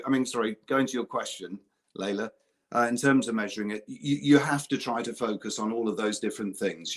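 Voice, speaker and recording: A man speaking on a conference panel as a recruitment executive, earnest and conversational, often restarting his sentences. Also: medium pitch.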